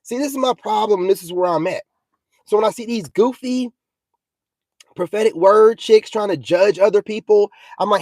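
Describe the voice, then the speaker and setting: Preachy ranting man, mellow voice. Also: high-pitched, normal speed, no room sound. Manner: preachy and combative, repeats himself, says "you know what I'm saying" often. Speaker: self-styled spiritual vlogger. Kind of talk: ranting vlog monologue.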